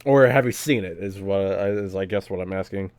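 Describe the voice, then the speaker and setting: A man's voice: deep voice, fairly quick, a little mellow, clean tone, no echo. A young man casually commenting on a game during a live stream, chatty and swearing often. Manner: chatty, profane, laughing often.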